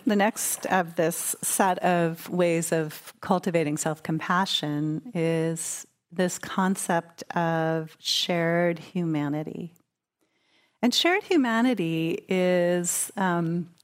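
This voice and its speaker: A woman meditation teacher giving a dharma talk at a retreat, conversational and playful as she tells stories. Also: on the low side. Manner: conversational, warm, playful storytelling.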